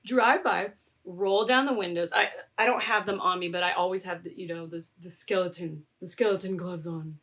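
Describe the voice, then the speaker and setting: A young adult woman, a content creator, telling a story in a casual vlog with animated sarcasm. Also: fairly low pitch, moderate pace. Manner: animated and sarcastic, laughing often.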